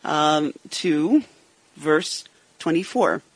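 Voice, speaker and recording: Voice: medium pitch, lively intonation, drawn-out words, no echo. Bible study member talking about the verses, earnest, fumbles for words, dry sound. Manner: earnest, questioning, searching for words. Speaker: scripture reader in a Bible study.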